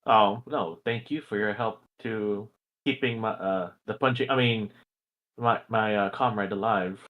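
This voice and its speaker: A man voicing a brash adventurer woman in a tabletop game, halting and searching for words. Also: lowish voice, phone-quality sound, close to an everyday voice. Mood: wary.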